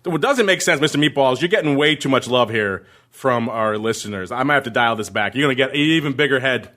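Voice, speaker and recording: A man's voice: mid-range voice, expressive, fast talker, sharp tone. A man hosting a podcast in casual chat, joking and laughing as he reads listener messages. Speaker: podcast host.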